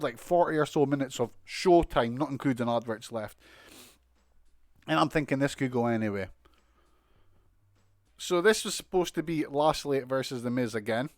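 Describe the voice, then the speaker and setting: A man's voice: on the high side, dry recording, clean studio sound. Sweary British man ranting a recap. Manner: sweary, mocking, exasperated ranting with laughs. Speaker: wrestling show reviewer. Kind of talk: casual recap and commentary.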